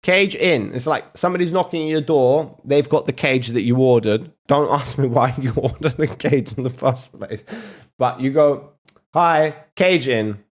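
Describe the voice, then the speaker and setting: A man streaming casual reaction commentary, swearing and mocking as he talks. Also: mid-range voice. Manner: profane, mocking, drawn-out.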